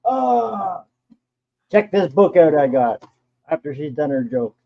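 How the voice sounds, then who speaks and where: A man's voice: on the high side, big pitch swings, slow, creaky, lo-fi sound. A man co-hosting a casual chat, heckling the others with crude jokes and swinging his voice around. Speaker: podcast co-host. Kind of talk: casual banter.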